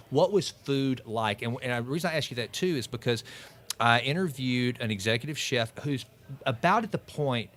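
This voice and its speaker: Enthusiastic podcast host. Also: male voice, mid-range voice, a bit bright. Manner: enthusiastic, rambling questions with many restarts. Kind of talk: podcast interview.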